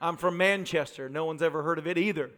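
A man preaching a lively sermon, teasing his listeners and firing rhetorical questions. His voice sits high and bright. The sound rings with the long reverb of a church hall. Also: quick pace. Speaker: pastor. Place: church sanctuary.

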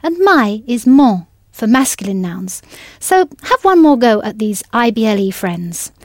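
A woman's voice: on the high side, sing-song, measured pace, a little mellow, no echo, clean studio sound. A woman teaching a language in a scripted audio lesson, patient and encouraging, spelling words out letter by letter.

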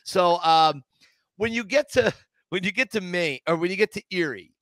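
High, bright-voiced teasing man. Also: animated, moderate pace, no room sound. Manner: playfully teasing, mock indignant. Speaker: podcast co-host. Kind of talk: casual chat.

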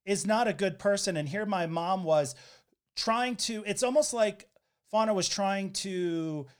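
A man with a fairly high voice hosts a casual podcast chat. He tells hard personal stories candidly and wryly. He slips into quoted voices along the way. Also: a little slow, clear, resonant tone. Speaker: podcast host.

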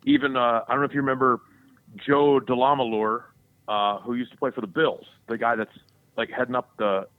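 Man, podcast co-host, profane, animated storyteller, dry tinny sound. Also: mid-range voice, a little fast, dry recording. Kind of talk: casual podcast chat.

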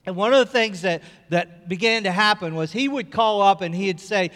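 A man with a fairly high voice preaches a sermon from the pulpit of a church. He tells a story at an easy pace, then builds to fervent, repeated cries. His voice rings with the long reverb of a large church hall. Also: normal speed, a bit bright. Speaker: pastor.

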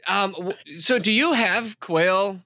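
A man's voice: high-pitched, takes it slowly, pushed and bright, dry recording, studio quality. A man from Minnesota hosting a podcast and interviewing a guest in a friendly, chatty way. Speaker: podcast host.

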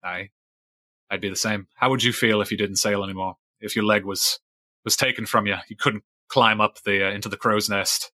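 A man doing a gruff old one-legged fisherman. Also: lowish voice, fairly even intonation, moderate pace, pushed and bright, no echo. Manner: gruff, blunt, drinking-man swagger.

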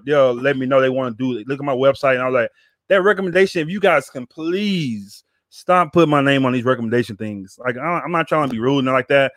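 A man's voice: on the high side, a bit bright, no echo, clean studio sound. A man hosting a podcast in casual chat, rambling and repeating words with plenty of slang. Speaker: podcast host.

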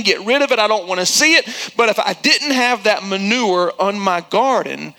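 A male pastor delivers an emphatic sermon in a high, bright voice. He drags out his key lines and leans hard on repetition to drive each point home. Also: low-quality recording. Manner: acts out quotes in a high squealing voice.

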